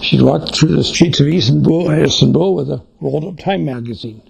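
A man's voice: fairly high pitch, fairly quick, gravelly, a crowd in the background, rough recording. An older man giving an informal, folksy sermon on family life, telling anecdotes. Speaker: Christian speaker on family life.

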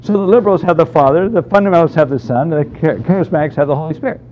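A man's voice: fairly high pitch, racing, slight background noise. A man teaching a Bible class in a conversational, emphatic way, taking questions from the room. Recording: dull lo-fi lecture recording.

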